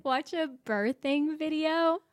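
A woman's voice: high-pitched, slow, dry recording, studio quality. A young woman co-hosting a casual podcast, upbeat and laughing often. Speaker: podcast co-host. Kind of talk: casual chat.

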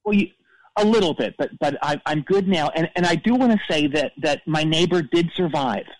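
A man's voice: fairly high pitch, lively intonation, normal speed, dry recording, close to an everyday voice, rough recording. A man playing a self-absorbed radio DJ who calls in to a comedy show, telling a long rambling story full of stammered restarts. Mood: deadpan. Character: vain male radio DJ, cold and self-absorbed. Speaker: caller. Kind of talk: comedic call-in character bit.

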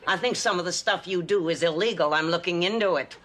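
A woman's voice: fairly low pitch, fast talker, very noisy, natural voice. An actress playing a nosy, spiteful old woman neighbor who spies and makes snide, cutting remarks in a sitcom.

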